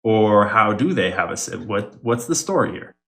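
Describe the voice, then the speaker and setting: A man's voice: fairly low pitch, animated, moderate pace, fairly bright tone. Man wryly explaining a conspiracy theory. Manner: wry, conspiratorial explaining with sarcastic asides. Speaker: online commentator. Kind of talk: explainer monologue.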